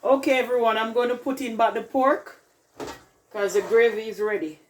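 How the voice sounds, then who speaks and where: Woman, Jamaican accent, home cooking vlog host, chatty, talks straight to viewers, kitchen, soft sizzling in the background. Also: fairly high pitch, moderate pace, slight background noise, poor audio. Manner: chatty, calls viewers "people", keeps saying "look at that". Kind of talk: casual cooking demonstration.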